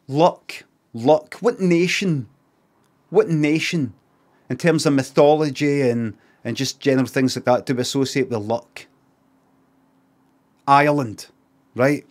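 A man with a Scottish accent chatting casually on a live stream, rambling and swearing, with sarcastic asides. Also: on the high side.

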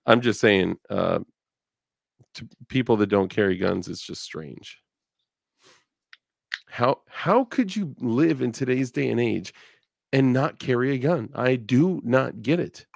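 A man's voice: medium pitch, lively intonation, takes it slowly, gravelly, pauses often, dry recording, clean studio sound. A male podcast host in casual chat, rambling and joking about himself. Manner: rambling, self-deprecating, joking.

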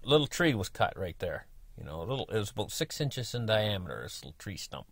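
A man's voice: lowish voice, sing-song, fairly quick, creaky, fairly bright tone, no echo, clean studio sound. An older man telling a story in a folksy, rambling way, full of "you know" and restarts. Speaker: storyteller, channel host. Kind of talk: casual spoken storytelling.

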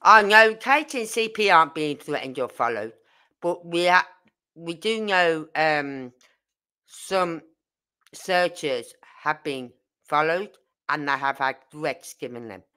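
Her voice sits low and is expressive, bright, and forceful, and she takes it slowly. Hosting a true crime livestream, the woman chats casually, rambling indignantly through viewer comments.

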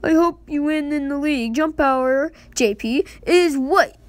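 A woman's voice: sits high, unhurried, no echo, pitched above the performer's own voice. A woman voicing a chirpy, overly cheerful game announcer in a silly put-on voice. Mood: cheery. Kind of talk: reading game text aloud in a voice.

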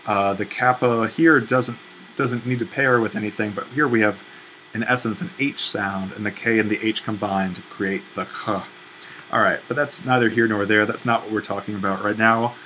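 Man, teacher, screencast lesson, thinking aloud, self-correcting, lowish bright voice. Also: fairly even intonation, moderate pace, slight background noise, low-quality recording. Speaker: Greek teacher. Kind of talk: screencast lesson walking through an exercise.

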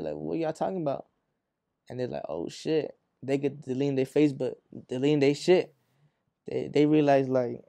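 A man's voice: mid-range voice, creaky, dark tone, dry recording. A young man from Arizona, a rapper being interviewed, telling a story in a rambling, profane way and acting out what people said. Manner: rambling, profane, acts out quotes. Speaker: rapper guest.

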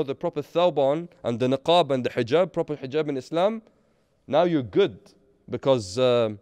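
A man's voice: mid-range voice, a little mellow, no room sound, studio quality. A man giving a Friday sermon, earnest, asking rhetorical questions and mixing in Arabic phrases. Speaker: preacher.

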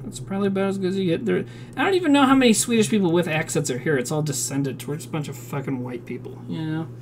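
A woman's voice: lowish voice, fast talker, slight background noise. A woman from South Dakota cooking live on a stream, reading recipe steps aloud, swearing freely and answering chat in a home kitchen.

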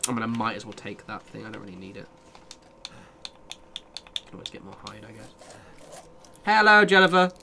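A man's voice: fairly low pitch, little pitch movement, normal speed, vocal fry, long pauses, noisy background. A young man live-streaming a game, chatting casually with viewers, reading their messages and swearing freely. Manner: chatty, sweary, reads and answers chat.

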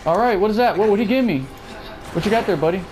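A man's voice: high-pitched, fast talker, music in the background, crowd noise. A young man commentating as he plays a horror game, talking to his viewers and exclaiming at every scare. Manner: jumpy, exclaims and chatters to viewers while playing. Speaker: gaming YouTuber. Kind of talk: let's play commentary.

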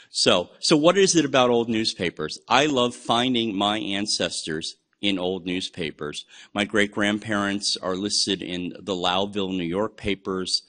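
A man's voice: deep voice, fairly bright tone. Chatty man giving a genealogy webinar. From United States. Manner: chatty, enthusiastic, with frequent fillers. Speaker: genealogy presenter. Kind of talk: webinar lecture on research methods.

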